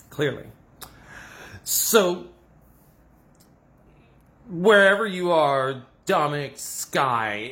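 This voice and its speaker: A young man delivers a satirical monologue in character, protesting far too much. His voice sits a little high and sounds bright and forceful. He talks slowly, tripping over repeated words as his pitch swoops up and down. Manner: sarcastic mock-defensive rant, stammering repeats, swooping pitch.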